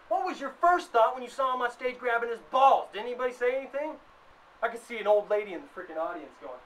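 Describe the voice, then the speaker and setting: A worked-up man delivering a profane comedic rant, his high, bright voice jumping into loud bursts. He sits back from the mic, and a faint noise runs under the recording. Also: big pitch swings, fast talker, recorded from a distance, poor audio. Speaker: vlogger.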